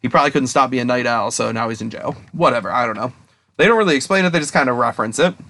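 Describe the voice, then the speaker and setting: A young man chatting at a fast clip on a casual podcast. He rambles and gushes, swearing nearly every other word, with his pitch sitting in an ordinary middle register. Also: a little hiss or hum. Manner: excited, heavy swearing, rapid rambling retelling. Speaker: podcast co-host. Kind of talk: casual chat.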